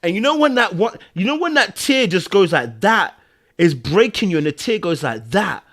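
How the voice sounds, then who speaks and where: A man hosting a podcast, giving emotional, animated commentary on a TV episode, sighing and swinging between loud bursts and quiet murmurs. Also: sits high, normal speed. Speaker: podcast host reviewing a TV episode.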